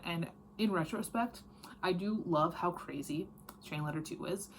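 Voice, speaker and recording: A woman's voice: fairly low pitch, normal speed, a little hiss or hum. A woman chatting casually about books she read, frank and rambling, with many fillers and self-corrections. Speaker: book vlogger. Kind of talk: casual reading wrap-up chat.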